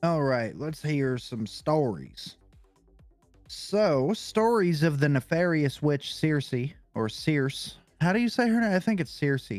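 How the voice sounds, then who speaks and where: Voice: medium pitch, big pitch swings, slow, darkish tone, no echo, soft background music. A podcast co-host reading a comic-book character profile aloud, casual and swearing, stumbling over hard names.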